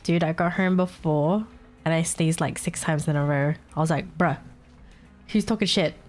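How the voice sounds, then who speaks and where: A woman's voice: low-pitched, normal speed, darkish tone. A young woman streaming live, chatting casually and swearing as she fixes her setup, sounding a little congested.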